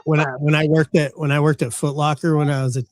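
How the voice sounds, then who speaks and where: A man co-hosting a call-in show, speaking in a relaxed casual chat with short replies and trailing sentences. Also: fairly high pitch, fast, no room sound. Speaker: co-host.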